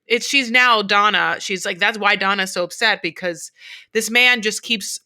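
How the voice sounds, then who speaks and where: A woman's voice: mid-range voice, moderate pace, sharp tone. A woman co-hosting a podcast, rambling through casual chat with silly jokes and some swearing. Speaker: podcast co-host.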